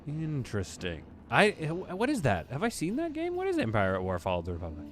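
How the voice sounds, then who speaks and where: A man's voice: a little high, huge pitch swings, a little fast, slight background noise. A man hosting a casual live stream, chatting as he plays and reading viewers' messages aloud. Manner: chatty, muses aloud, reads chat. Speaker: streamer host.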